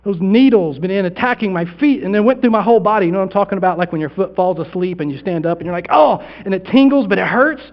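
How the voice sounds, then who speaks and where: A pastor performing a first-person dramatic monologue in a sermon, with long pauses, sinking to a hush and then swelling loud. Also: male voice, high voice, lively intonation, muffled recording. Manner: theatrical storytelling with long pauses, dropping to near-hushed then swelling loud.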